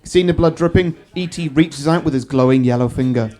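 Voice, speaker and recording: A podcast host narrating a comic story at a live pub show. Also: male voice, a little high, a little fast. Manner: steady storyteller.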